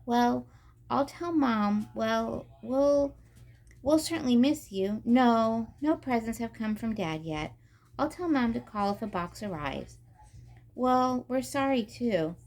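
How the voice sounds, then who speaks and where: A woman's voice: fairly high pitch, animated, slow, darkish tone, pitched above the performer's own voice. Bossy teen older sister, dismissive and prim, voiced lightly by a woman reader. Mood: polite.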